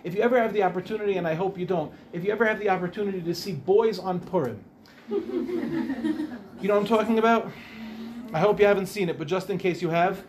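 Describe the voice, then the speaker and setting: A man's voice: sits high, a little mellow, a little hiss or hum. A man, a rabbi, giving an informal Torah class, chatty and rambling, often breaking off to ask the audience questions. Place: Ramat Beit Shemesh.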